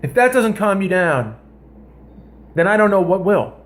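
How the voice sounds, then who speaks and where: A man hosting a comedy vlog, telling a story in a rambling, animated way and often cutting himself off mid-sentence. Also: high voice, moderate pace. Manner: rambling, animated, self-interrupting. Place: home kitchen.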